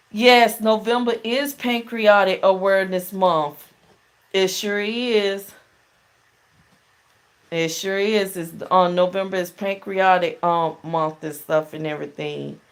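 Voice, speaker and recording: A middle-aged woman hosting a casual call-in show, telling stories in a chatty way and laughing often. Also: medium pitch. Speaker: talk show host.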